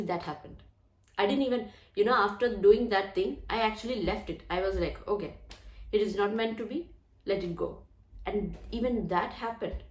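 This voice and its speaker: A woman's voice: medium pitch, a little mellow. A woman hosting her own channel, talking in an earnest, chatty way and often repeating phrases. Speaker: channel host. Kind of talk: casual chat to camera. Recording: roomy echo.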